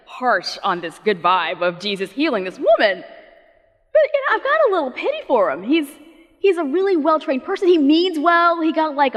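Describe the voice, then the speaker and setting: A woman's voice: a little high, fairly bright tone. A woman pastor giving a sermon in a conversational, storytelling way, with playful, casual asides. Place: church. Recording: long reverb of a church sanctuary.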